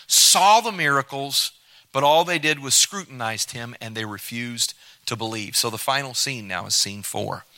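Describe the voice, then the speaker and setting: A man's voice: mid-range voice, pushed and bright. A man preaching a sermon, stressing points and calling out "amen" to the congregation. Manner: preaching with rising emphasis and calls of "amen". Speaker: pastor.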